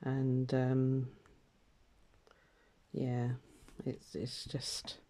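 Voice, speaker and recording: Chatty older woman, mellow voice. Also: rumbling low, completely flat delivery, very slow. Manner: rambling, chatty, with frequent fillers and laughs. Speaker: craft vlogger. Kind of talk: casual chat while stitching.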